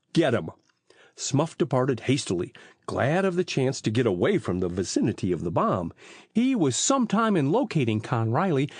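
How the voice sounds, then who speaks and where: A man narrating an audiobook in a lively, expressive reading style on a close mic. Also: medium pitch, husky, no echo. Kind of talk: storybook narration.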